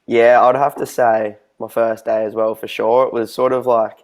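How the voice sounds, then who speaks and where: A man, a lifeguard guest, telling a story in a relaxed, rambling way. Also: medium pitch, moderate pace. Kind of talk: casual storytelling.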